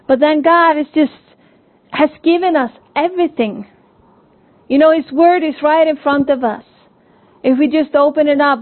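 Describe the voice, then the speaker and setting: Woman, sermon, earnest, gentle storytelling, high voice, tinny phone-like sound. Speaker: preacher.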